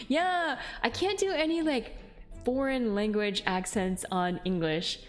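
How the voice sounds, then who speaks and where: A woman's voice: fairly high pitch, measured pace, faint music behind. Giggly young woman streamer chatting. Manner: giggly, rambling, lots of "like". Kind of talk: casual game-stream chat.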